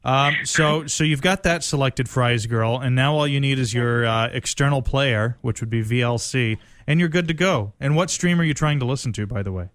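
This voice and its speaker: A man's voice: medium pitch, moderate pace, hardly any pauses, fairly bright tone, dry recording. A male host chatting casually with a caller, in a wry, teasing way. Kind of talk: casual chat.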